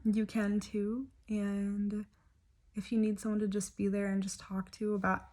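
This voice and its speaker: A young woman speaking softly and hesitantly to camera, sharing a personal story with many pauses and fillers. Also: medium pitch, completely flat delivery. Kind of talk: personal confessional talk to camera.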